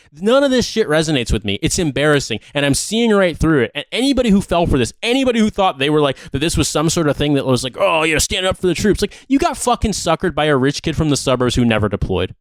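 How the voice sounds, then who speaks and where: A man's voice: a little high, very animated, quick pace, dry recording. A man co-hosting a podcast in casual chat, ranting in a heated, profane way. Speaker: podcast co-host.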